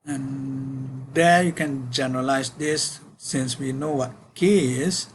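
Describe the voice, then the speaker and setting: A man giving a university physics lecture, working through equations in a halting way with many fillers and self-corrections. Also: mid-range voice, steady tone, a little hiss or hum, poor audio.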